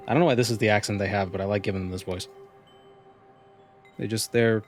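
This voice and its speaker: A man's voice: on the low side, steady tone, fast talker, long pauses. A man streaming a game, chatting casually with rambling, self-correcting asides, faint music behind. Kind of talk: casual gameplay commentary.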